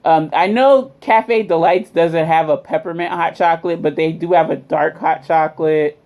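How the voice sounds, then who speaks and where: A woman's voice: low-pitched, normal speed, a little mellow. A woman vlogger chatting casually through a drink review, rambling with lots of fillers and calling her viewers y'all. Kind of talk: casual product review chat.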